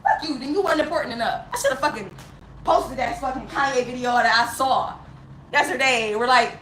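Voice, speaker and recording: A woman with a high, bright voice vents straight to camera in a raw, heavily profane rant. She is emotional and close to tears, and laughs bitterly between lines. Her voice rings in a roomy space with faint ambience behind it. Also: a little fast, slight background noise. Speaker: vlogger.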